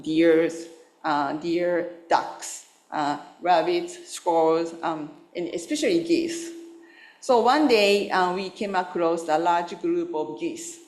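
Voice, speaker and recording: A woman Buddhist minister giving a gentle, unhurried dharma talk, telling a story with pauses and small fillers. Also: on the low side. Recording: roomy hall sound.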